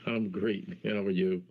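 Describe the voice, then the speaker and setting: Deep, gravelly man on lo-fi audio. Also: steady tone, slow, no room sound. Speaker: stream guest. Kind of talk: casual chat. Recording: dull lo-fi audio from far off.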